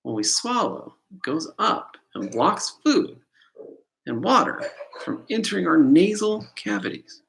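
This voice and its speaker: Streaming a quiz lesson live, a middle-aged man teaches exam prep, rambling casually and shooting questions at viewers. His voice is high-pitched, gravelly, and fairly bright, very animated yet unhurried. The computer mic yields a rough recording.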